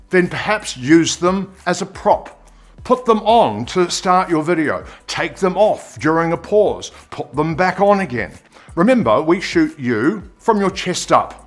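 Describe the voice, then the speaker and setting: A man giving an on-camera presenting lesson, expressive and demonstrating pitch and pace as he explains. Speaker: presenter coach.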